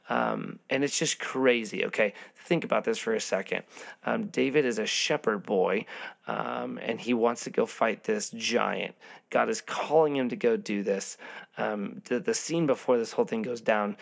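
Gravelly, easygoing man retelling a Bible story. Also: lowish voice, moderate pace. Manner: loose, filler-heavy storytelling with frequent ums. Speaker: Bible teacher.

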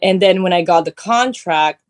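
A woman's voice: lowish voice, moderate pace, dry recording. A woman from Italy with an Italian accent, speaking as a guest over a phone video call from her bedroom, breezy and a little sassy. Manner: breezy, sassy, many fillers. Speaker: guest actress. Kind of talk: casual interview chat.

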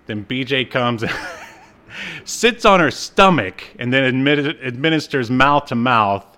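Smooth-voiced man recapping with laughs. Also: medium pitch, animated, takes it slowly, sharp tone. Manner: laughs while retelling, acts out character lines. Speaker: podcast co-host recapping an episode. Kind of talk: casual chat.

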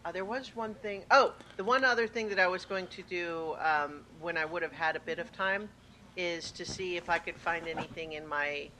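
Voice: medium pitch, fairly even intonation, moderate pace, sharp tone, a little hiss or hum, poor audio. A player in a tabletop game who plans the group's next move and stops often to search for words. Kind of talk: tabletop game planning chat.

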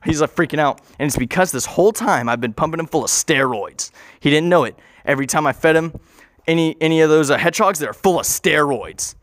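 A man's voice: a little high, lively intonation, fairly quick, a bit bright, no room sound, clean studio sound. A man improvising a rambling comic story, often interrupting himself and swearing casually.

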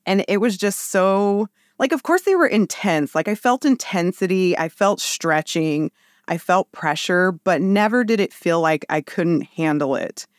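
A woman in her thirties telling a personal story in casual chat, with lively, animated quoted voices. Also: lowish voice, unhurried, dry recording, studio quality. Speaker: podcast guest.

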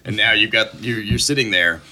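A man narrating a comedic tabletop game as game master, playful and animated, often laughing as he tells it. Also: lowish voice, a little fast, a little hiss or hum.

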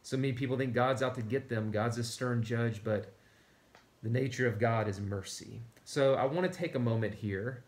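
A man's voice: medium pitch, normal speed. A man preaching a conversational sermon to an online audience, earnest and rising to emphatic calls. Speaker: pastor. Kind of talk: livestreamed sermon.

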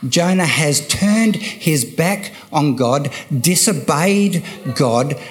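An older man preaching a sermon, slow and emphatic, repeating key phrases for weight. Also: on the high side, lively intonation.

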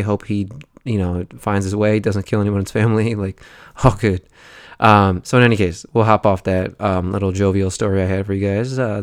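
On his solo podcast, a young man rambles in a laid-back way, filling pauses with lots of "um" and "right?". His voice is low. The recording is close and dry, with no room sound or echo.

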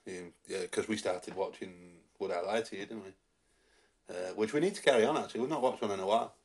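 A man's voice: fairly low pitch, quick pace, slightly rough. A man, co-hosting a casual podcast chat and rambling with lots of fillers. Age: 40s. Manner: rambling, with many fillers and restarts. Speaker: podcast co-host.

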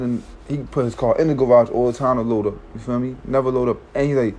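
A man's voice: mid-range voice, steady tone, fast, a little mellow. Male storyteller, casual slangy delivery, rambling, mid-range voice, keeps checking in with listeners.

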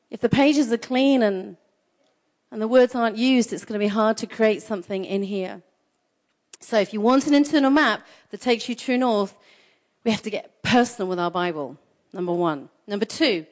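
A woman preaching a sermon in an energetic, conversational way, repeating phrases for emphasis. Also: on the high side.

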